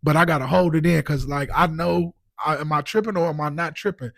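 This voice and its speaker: Guy telling his story on a podcast, pretty high voice, bit gritty, keeps saying like like like. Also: brisk, gravelly, dry recording. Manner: animated, repeats "like" and "you know what I'm saying". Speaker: podcast guest. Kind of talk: casual storytelling.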